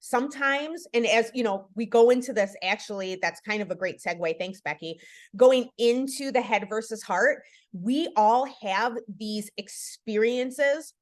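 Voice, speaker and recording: A middle-aged woman leads a casual book club chat over a video call. Her voice sits a little high, and she speaks earnestly and encouragingly, filling her sentences with "you know" and "like". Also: measured pace. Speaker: podcast host leading a book club.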